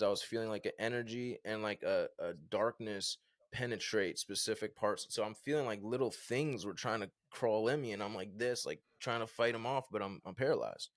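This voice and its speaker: A man in his thirties from Virginia, a podcast guest telling a personal story in an animated, casual way with lots of fillers. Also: on the low side, no echo, studio quality. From Virginia, USA. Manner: animated, conversational, many fillers like "like" and "bro".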